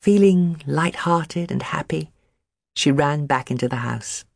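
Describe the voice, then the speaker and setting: An audiobook narrator reading a novel chapter in an expressive, varied manner. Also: medium pitch, a little slow, gravelly, no room sound, studio quality.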